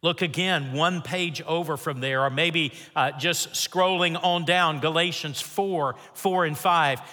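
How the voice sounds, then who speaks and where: Older male pastor, earnest storyteller, bright voice, long hall reverb. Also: fairly high pitch, unhurried. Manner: earnest, animated storytelling with scripture reading. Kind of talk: sermon with personal storytelling.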